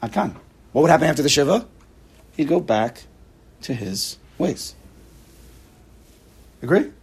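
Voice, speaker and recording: A man leading an informal Torah class, talking in a rhetorical, animated way and using Hebrew and Yiddish terms. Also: a little high, a little slow, creaky, husky.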